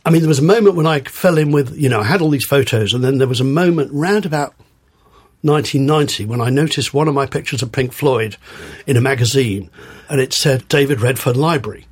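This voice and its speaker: Older man with a very husky voice. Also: mid-range voice, brisk. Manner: rambling anecdotes with repeated words. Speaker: guest, former music writer and photographer. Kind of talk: relaxed reminiscing in conversation.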